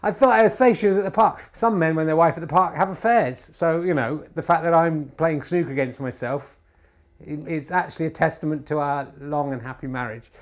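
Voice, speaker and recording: Brief: male podcast host, dry ironic mock commentator, halting delivery full of "uh"s, home recording. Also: on the high side. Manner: rambling, many filler pauses; deadpan ironic humour. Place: home TV room.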